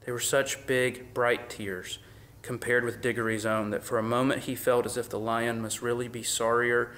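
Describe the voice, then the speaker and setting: Pastor preaching, loud then whispering. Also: male voice, medium pitch, little pitch movement, moderate pace. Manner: swings from loud emphatic peaks to hushed whispers; conversational, uses "like" often. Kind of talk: sermon.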